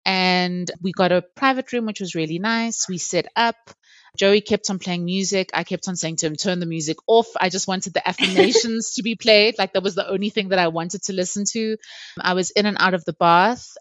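A woman's voice: medium pitch, fairly quick, no echo. Candid woman telling her story. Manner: lively, candid, laughs often while telling the story. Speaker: interview guest. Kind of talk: personal storytelling in a podcast chat. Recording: dull, slightly lo-fi dry recording.

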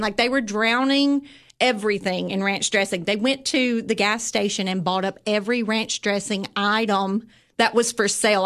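A woman with a Southern US accent, a visitors' bureau guest telling upbeat stories in a casual interview. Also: a little high. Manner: animated storyteller, upbeat and chatty.

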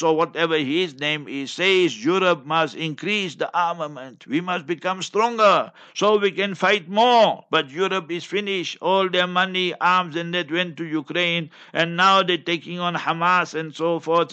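An older South African man hosts a religious talk show, reading through the news with emphatic, scolding commentary. His voice is bright and forceful and sits a little high for a man, and he keeps pressing his points hard. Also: clean tone. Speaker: Islamic radio talk host.

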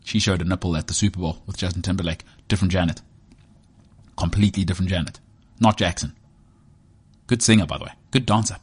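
A South African man in his thirties hosts a sports podcast as a rambling, joking, self-mocking monologue. His low voice has fairly even intonation, a quick pace, and a breathy edge.

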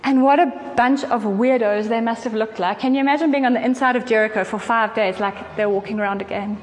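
A woman's voice: on the high side, steady tone. Earnest woman preaching. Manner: earnest, conversational, with quick asides. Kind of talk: sermon. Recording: faint hall reverb and noise.

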